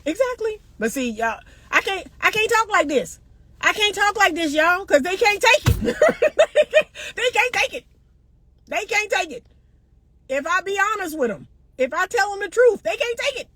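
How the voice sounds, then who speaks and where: A woman's voice: a little high, dry recording. A middle-aged woman relationship coach talking bluntly and animatedly to viewers, laughing often. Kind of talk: live-stream chat answering comments.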